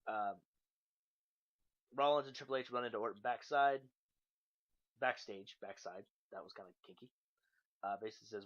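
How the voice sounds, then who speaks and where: A man's voice: medium pitch, normal speed, pauses often. A young man casually recapping wrestling shows, loose and profane with lots of ums and uhs. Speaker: podcast host. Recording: dull lo-fi podcast mic.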